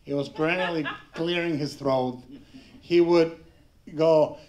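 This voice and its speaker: A middle-aged Mexican man sits on a panel before an audience at a film tribute, telling rambling, halting anecdotes full of restarts and laughter. His voice is on the high side, steady, and a little mellow.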